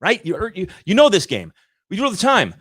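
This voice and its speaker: A fairly high-voiced man in his thirties coaching viewers about sales on a livestream. He talks in an energetic, emphatic rant and addresses the audience directly. The recording is dry and close, with no room sound. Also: fast, breathy edge, no room sound. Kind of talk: motivational livestream talk.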